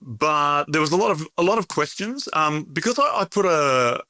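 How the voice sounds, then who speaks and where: Chatty man, bright and animated. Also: a little high, normal speed, no echo. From Australia. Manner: chatty, animated storyteller with frequent laughs and restarts. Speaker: interview guest, bakery owner. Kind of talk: conversational interview.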